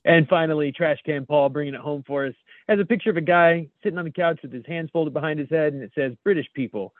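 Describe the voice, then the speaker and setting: An American man co-hosts a loose chat show, reading memes aloud and laughing at them as he goes. His voice sits a touch high. It comes through a dry, thin, phone-like call line. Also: quick pace, dry recording. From United States. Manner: laughs often while reading jokes aloud. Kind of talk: casual podcast chat.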